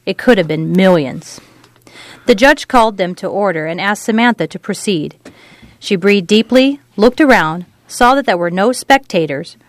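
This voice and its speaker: A woman narrating a novel in an even, measured storytelling read. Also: mid-range voice, dry recording. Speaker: audiobook narrator. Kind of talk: scripted narration.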